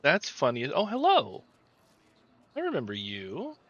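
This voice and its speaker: Playful guy chatting over a game, slow and bright, lively pitch. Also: breathy edge, no room sound, dull audio. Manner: playful, laughs often, drawn-out delivery. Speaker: gameplay streamer. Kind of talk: casual gameplay commentary.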